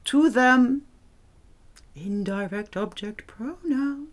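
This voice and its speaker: A woman teaching a French lesson, drilling verb forms slowly and checking in with the learner. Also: on the high side. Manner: slow, deliberate drilling of verb forms with lively questions to the learner. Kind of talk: language lesson.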